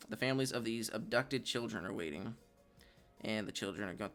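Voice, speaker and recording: A man's voice: mid-range voice, normal speed, creaky, fairly bright tone, faint music behind. A man co-hosting a podcast, casually recapping a comic chapter and reading out its dialogue, with many hesitant ums and uhs. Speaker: podcast co-host.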